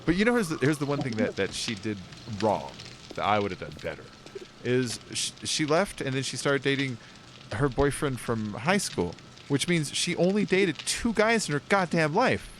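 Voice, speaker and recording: A man's voice: normal speed, slight background noise. A man hosting a casual stream chat, telling family stories and acting out the quotes with big jumps in his voice. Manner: animated storyteller, acts out quotes with big pitch jumps. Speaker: streamer host.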